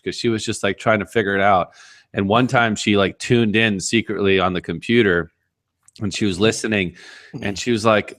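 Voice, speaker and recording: Low-voiced man rambling casually. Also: brisk, a bit bright, no echo, clean studio sound. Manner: rambling storyteller with many restarts. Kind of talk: casual chat.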